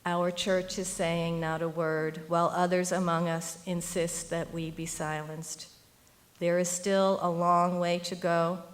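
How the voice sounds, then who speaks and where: A woman's voice: on the low side, little pitch movement, measured pace. A middle-aged woman giving a prepared speech at a university event, earnest and rhetorical, building to emphatic appeals. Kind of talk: prepared speech read aloud.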